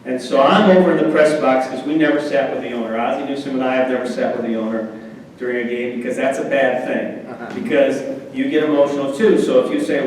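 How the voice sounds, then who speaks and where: A man's voice: medium pitch, normal speed. A middle-aged man telling sports anecdotes as a guest speaker at a club meeting, acting out the voices of the people in his stories. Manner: animated anecdotes, acts out quoted voices. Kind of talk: after-dinner storytelling. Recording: echoey hall, distant mic, faint noise.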